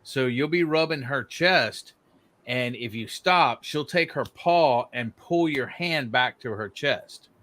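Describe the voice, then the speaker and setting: A man's voice: slow pace, a bit bright. A man co-hosting a casual livestream, teasing his guests and laughing often. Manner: teasing, laughs often, jumps to high-pitched mock exclamations. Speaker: co-host of a homestead livestream. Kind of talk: casual chat. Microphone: video call.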